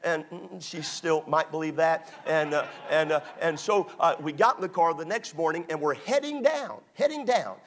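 A man's voice: a little high, moderate pace, hardly any pauses. A middle-aged man, a pastor telling self-deprecating stories in a sermon, full of fillers and restarts. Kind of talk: storytelling sermon.

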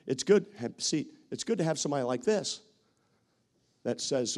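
A middle-aged man, a pastor, preaching a sermon with strong feeling, jumping from loud calls to soft, quiet words and acting out what others say. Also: mid-range voice, expressive, normal speed, long pauses. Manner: emotive preaching with acted-out quotes, swings from loud to soft.

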